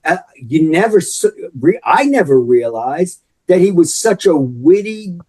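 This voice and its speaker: A man's voice: on the high side, sing-song, unhurried, dark tone, breathy edge, no echo, rough recording. A man, an author and wrestling historian, talking as a guest on a podcast in a chatty, explanatory way. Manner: chatty, explanatory, with frequent "you know". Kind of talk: podcast interview.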